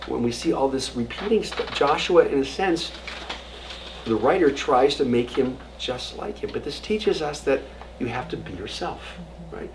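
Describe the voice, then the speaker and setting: Distant rabbi telling stories in class. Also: male voice, medium pitch, normal speed. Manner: storytelling with jokes and acted quotes, dropping to a whisper at times. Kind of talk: informal adult education lecture. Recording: distant mic with audible room noise.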